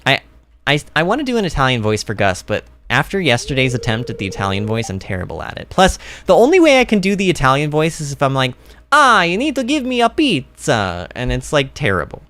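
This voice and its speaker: A man rambles through game commentary on a livestream, often poking fun at himself. His pitch jumps around constantly. He speaks into a streaming microphone. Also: fast talker, no echo. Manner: rambling, animated and self-deprecating.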